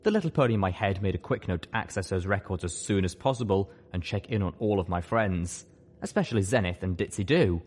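Male audiobook reader with a fairly low voice, measured first-person narration. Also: expressive, darkish tone. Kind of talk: audiobook narration of fan fiction.

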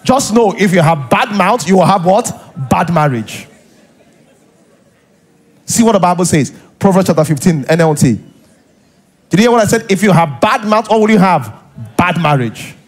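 A man's voice: high-pitched, expressive, normal speed, slightly rough. A man with a Nigerian accent, a pastor preaching a sermon in a church, acting out little scenes and repeating points for emphasis. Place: church hall.

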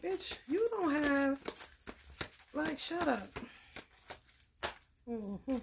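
A woman's voice: high voice, animated, extremely slow, creaky, pauses often, noisy background. A woman giving a blunt, profane, preachy casual tarot reading. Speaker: tarot reader.

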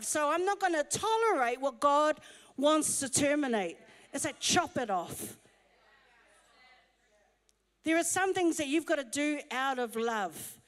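High-voiced woman preaching in a reverberant hall. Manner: humorous, chatty storytelling. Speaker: pastor. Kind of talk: conversational sermon. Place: church auditorium.

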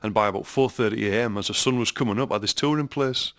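A man's voice: fairly low pitch, fast, a bit bright, no echo. A man with a Teesside accent, a documentary filmmaker chatting enthusiastically as a radio studio guest, often restarting his sentences. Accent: Teesside English. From Teesside, North East England. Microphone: studio mic with headphones.

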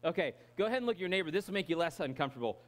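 A man's voice: fairly high pitch, animated, rapid-fire, a bit bright. A man with an American accent preaching a casual, joking sermon full of fillers. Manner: joking, chatty, many fillers. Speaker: guest preaching pastor.

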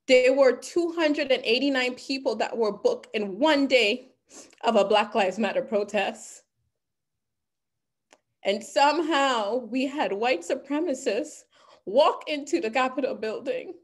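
A woman's voice: high-pitched, measured pace. Earnest impassioned woman speaker. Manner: earnest, emphatic, becomes emotional. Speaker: guest speaker. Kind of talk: impassioned talk.

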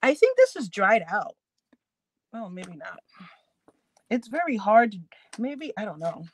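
A woman hosts a crafting live stream, chatting casually with viewers and laughing often while she works. Her medium-pitched voice has a sing-song lilt and runs a little slow.

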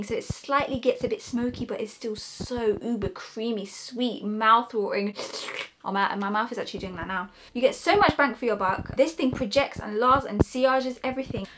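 A young woman reviewing perfumes in a casual vlog, gushing and excitable as she talks to her viewers. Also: fairly high pitch, slight background noise. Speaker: fragrance reviewer.

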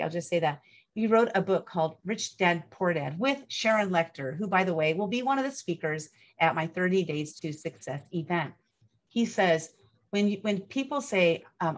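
A woman hosting an online event, chatty and upbeat, rambling with fillers. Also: on the low side. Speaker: event host.

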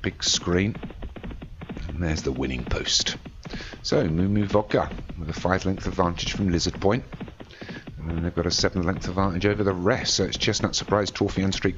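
A man commentating a horse race in a racing game, calling the runners and positions. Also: low voice. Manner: rises sharply to excited shouting at the finish. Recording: slightly dull lo-fi audio with faint noise.

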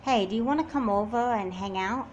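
A woman's voice: a little high, fairly quick, lo-fi sound, slight background noise, natural voice. A woman voicing a confident, self-assured teenage twin sister who takes charge in an amateur doll movie. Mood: persuasive. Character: confident, bossy teen twin sister with a plan.

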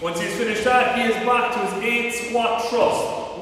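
A man coaching a live workout, with energetic, repeated encouragement and countdowns. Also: high-pitched, moderate pace. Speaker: fitness coach. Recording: echoey hall from far off, faint noise.

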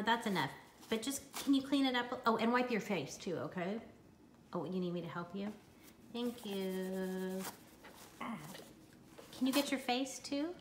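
A woman's voice: medium pitch, reverberant, a little hiss or hum. A mother in her home kitchen filming her toddler, talking to him in a playful, coaxing sing-song. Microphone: handheld camera taping.

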